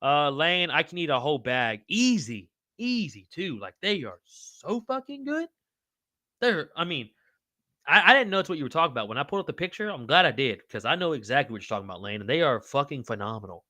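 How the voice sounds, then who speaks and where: A man's voice: medium pitch, very animated, fast talker, sharp tone, dry recording, clean studio sound. A man hosting a casual livestream podcast, reading chat aloud in a loose, slangy, profane way. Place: home room with wall signs.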